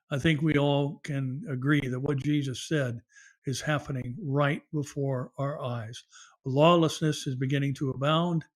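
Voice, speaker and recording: A middle-aged man, a pastor hosting a news commentary show, who reads articles aloud with fillers and asides. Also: on the high side.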